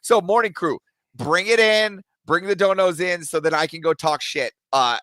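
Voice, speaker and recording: A man's voice: sits high, normal speed, a bit bright, no room sound. A man calling into a livestream show, chatting casually and rambling with lots of fillers and laughs. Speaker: caller. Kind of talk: casual chat.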